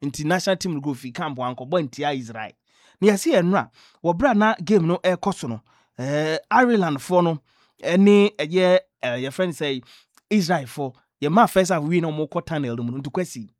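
A man with a Ghanaian accent presenting sports news on radio, telling stories in a lively way and mixing in English phrases. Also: a little high, normal speed, no echo, studio quality.

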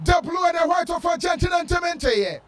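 A man giving shouted football commentary with a chanting, sing-song delivery. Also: very high voice, expressive, a little fast, distant mic, soft background music. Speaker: sports commentator.

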